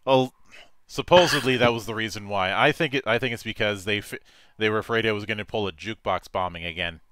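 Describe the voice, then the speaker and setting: A man's voice: lowish voice, fast talker, a bit bright, slight background noise. A man hosting a casual interview and telling joking stories about his game table. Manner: joking, storytelling. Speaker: interview host, game master.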